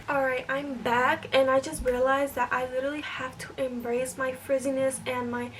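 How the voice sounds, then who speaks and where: A young woman with a high voice chats through a hair-styling vlog at home. She sounds self-doubting and thinks aloud as she works, sometimes sinking to a soft whisper. The mic sits well back from her, and there is clear noise behind her voice. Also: distant mic, low-quality recording. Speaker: vlogger. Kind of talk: casual hair tutorial vlog.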